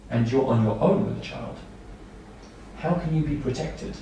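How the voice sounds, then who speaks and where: A man's voice: medium pitch, moderate pace, warm tone, distant mic, slight background noise. Man lecturing in an echoey room. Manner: simple, repetitive explanations with examples. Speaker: staff trainer. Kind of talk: training lecture. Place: training room.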